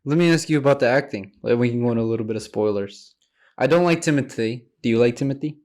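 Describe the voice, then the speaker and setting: A man co-hosting a podcast, giving quick, animated opinions on a film in casual chat, often restarting his sentences. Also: mid-range voice. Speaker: podcast co-host.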